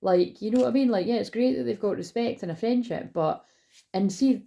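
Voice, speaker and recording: A woman's voice: a little high, fairly quick, vocal fry, warm tone. A woman giving a casual tarot reading on her vlog, rambling and chatty, swearing casually and often losing her train of thought, recorded on a phone. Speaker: tarot reader.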